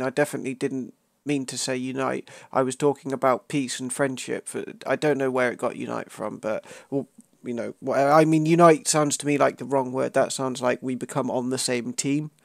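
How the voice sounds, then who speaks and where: A man's voice: medium pitch, steady tone, fairly quick, gravelly, no echo, clean studio sound. A man hosting a casual gaming podcast, joking and laughing often. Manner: laughing, joking, fond of memes. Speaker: podcast host.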